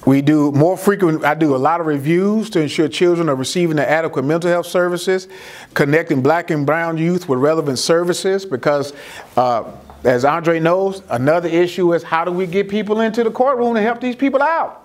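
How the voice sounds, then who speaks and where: A middle-aged man with addresses a community audience as a juvenile court judge. His voice sits a little high, and he acts out conversations in the courtroom, jumping up in pitch for his own exclamations and dropping low and soft for the children's replies. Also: brisk. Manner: animated storyteller who acts out his own dialogue.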